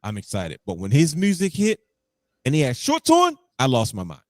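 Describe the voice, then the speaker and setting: A man's voice: mid-range voice, wildly swooping pitch, moderate pace, a little mellow, no room sound. A man co-hosting a podcast in casual chat, telling stories animatedly and acting out his own reactions. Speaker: podcast co-host.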